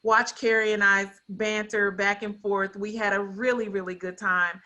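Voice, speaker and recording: Bright upbeat woman guest. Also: mid-range voice, flat delivery, moderate pace. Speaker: guest, foundation founder. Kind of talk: casual video-call interview. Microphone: video call.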